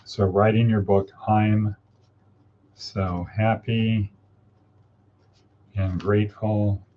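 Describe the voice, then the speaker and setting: A man's voice: fairly low pitch, level tone, drawn-out words. Man, casual livestream coaching host, upbeat and encouraging, dull lo-fi sound, faint background noise. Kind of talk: casual livestream coaching, reading viewer comments aloud.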